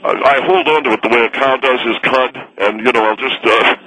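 A man's voice: mid-range voice, steady tone, a little fast, bright, forceful tone, natural voice, rough recording. A man playing a gluttonous, indignant middle-aged documentary filmmaker in a comedy sketch. He talks with his mouth full and sounds petulant. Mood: rambling full-mouthed. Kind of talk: comedy radio sketch impression.

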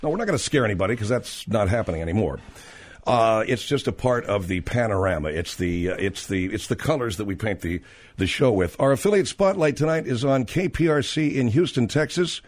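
A man's voice: on the low side, animated, brisk. A man hosting a radio talk show, telling rambling anecdotes with many fillers and restarts.

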